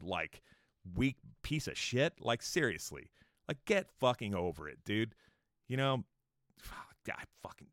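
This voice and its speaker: Foul-mouthed male podcast host, heated mocking rant, animated delivery, dry booth. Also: on the low side, no room sound. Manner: angry, swearing, mocking whiny voices. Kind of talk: profane casual podcast rant.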